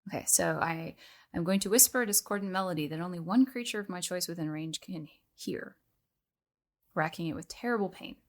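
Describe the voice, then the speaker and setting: A woman's voice: on the low side, a little fast. A woman playing a tabletop role-playing game, chatting casually and reading out rules. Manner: chatty, reads rules aloud. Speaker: player.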